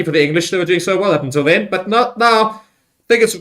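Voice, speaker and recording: A man hosting a live rugby watchalong, talking loosely with many fillers and getting excited on big plays. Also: sits high, fast talker. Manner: rambling with fillers and restarts. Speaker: livestream host. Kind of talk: live match watchalong commentary.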